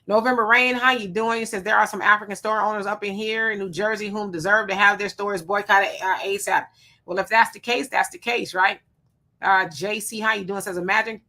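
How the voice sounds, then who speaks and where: A woman hosting a casual livestream, reading viewer comments aloud and giving quick, relaxed replies. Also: mid-range voice. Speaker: livestream host.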